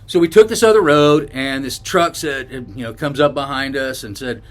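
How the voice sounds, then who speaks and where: A man's voice: mid-range voice, normal speed, hardly any pauses. A man from northern California, a bikepacking vlogger, telling a story to camera in a loose, rambling way with restarts and asides.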